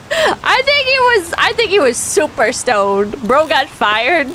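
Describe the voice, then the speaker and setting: High-voiced woman telling a story. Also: extremely slow, pauses often, a little hiss or hum, poor audio. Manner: animated, laughing, swearing freely. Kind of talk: casual storytelling on a stream.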